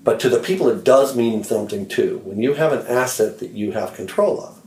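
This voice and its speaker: A man's voice: medium pitch, brisk, echoey room, poor audio. A man working as a record producer, casually telling stories with profanity and acting out quotes. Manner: animated, profane, acts out quotes in raised voice. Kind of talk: casual storytelling chat.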